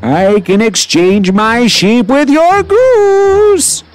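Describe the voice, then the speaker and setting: A man voicing a good-natured, eager old man in an animated storybook, with faint music playing behind him. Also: very high-pitched, extremely slow, pitched above the performer's own voice, exaggerated voice, rough recording. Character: cheerful, naive old man trading animals.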